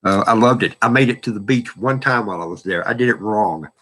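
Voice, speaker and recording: A man's voice: on the low side, quick pace, a bit bright. A man hosting a casual livestream, rambling in a folksy way and answering viewer chat. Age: 60s. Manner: rambling, folksy, talks back to chat messages. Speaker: livestream host.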